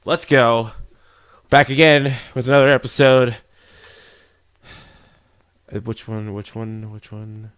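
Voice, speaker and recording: A man hosting a game channel, reading through a visual novel in a casual, jokey way, with a hoarse voice. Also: medium pitch, fairly even intonation, takes it slowly, long pauses, a bit bright, no echo. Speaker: gaming channel host. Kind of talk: visual novel let's play narration.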